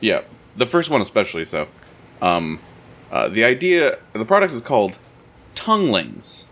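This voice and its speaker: A man's voice: fairly low pitch, very animated, moderate pace, a bit bright. A man hosting a podcast, chatting loosely with fillers and self-deprecating jokes. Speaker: podcast host. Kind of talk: casual podcast chat.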